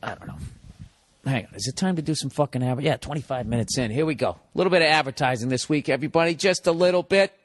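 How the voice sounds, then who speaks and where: A man's voice: medium pitch, very fast, slightly rough. A man hosting a podcast, telling a rambling, profane comic story and breaking in to act out other people's voices. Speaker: podcast host.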